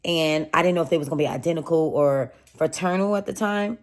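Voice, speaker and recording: A young woman casually telling viewers a personal story, chatty and animated, calling them y'all. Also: low voice, fast.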